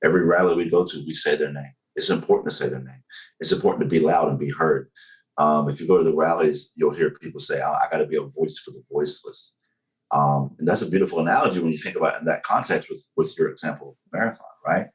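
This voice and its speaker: A man talks in a low voice as a podcast guest. He is blunt and emphatic, swears freely and makes his points through analogies. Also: fairly even intonation, fast talker, poor audio. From Southern United States. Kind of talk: casual conversation.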